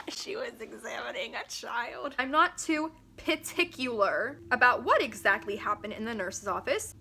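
A young woman with a high, sharp, bright voice chats casually to camera, giggling and teasing herself as she reads out old school papers. Her delivery is playful and self-mocking, with a sarcastic edge. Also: slight background noise. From Pennsylvania, US. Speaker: vlogger. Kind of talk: casual vlog chat, reading old school papers aloud.

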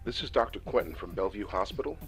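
A man voicing a formal, polite male hospital doctor in a video game, measured and courteous. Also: fairly low pitch, lively intonation, over loud music.

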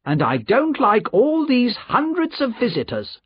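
A man's voice: extremely high pitch, wildly swooping pitch, measured pace, slightly rough, pitched above the performer's own voice, exaggerated voice. Man doing a cross, protective woman. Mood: indignant. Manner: cross, indignant. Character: fiercely protective middle-aged woman companion. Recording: dry, slightly dull lo-fi audio.

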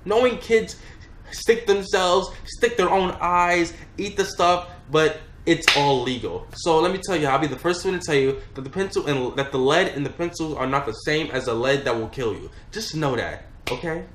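Young guy ranting thru a storytime vlog, kinda high voice, echoey room w faint hiss. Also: moderate pace. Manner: rambling, profane, animated storytelling. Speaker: vlogger.

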